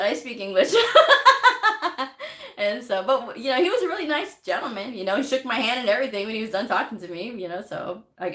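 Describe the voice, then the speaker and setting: A woman's voice: mid-range voice, fairly bright tone, roomy sound. A woman from Texas hosting a casual livestream, chatting and answering viewer comments with frequent laughter and fillers. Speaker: medical coding livestream host.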